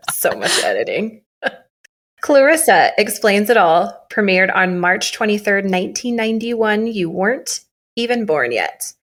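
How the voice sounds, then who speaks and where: A woman's voice: medium pitch, very animated, a little slow, a bit bright. Joking young woman podcast host. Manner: joking, self-mocking, laughs often. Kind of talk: casual chat.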